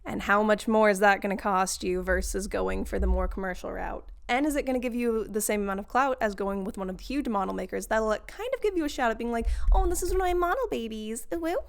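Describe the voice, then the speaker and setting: A woman's voice: mid-range voice, animated, brisk, vocal fry, hardly any pauses, clean tone. A woman vlogger giving a casual, sarcastic rant to her viewers and laughing often. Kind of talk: casual ranting monologue.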